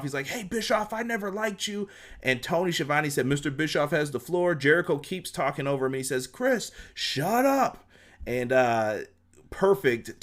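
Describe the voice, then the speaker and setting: A man's voice: medium pitch, fairly bright tone. Casual young man recapping wrestling. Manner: casual, slangy, acts out quotes in put-on voices. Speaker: wrestling show reviewer. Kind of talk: casual recap with chat reading.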